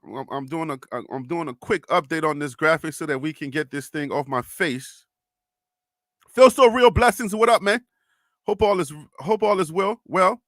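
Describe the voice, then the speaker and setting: Bright, high-voiced young man hosting a stream. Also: moderate pace, no room sound, clean studio sound. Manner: chatty, reads viewer comments aloud and laughs often. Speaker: live-stream host. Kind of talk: casual sports live-stream chat.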